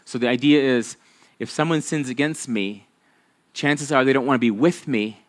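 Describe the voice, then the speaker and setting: A man's voice: mid-range voice, moderate pace. A man, a pastor, preaching a sermon in a conversational, folksy storytelling manner with frequent restarts.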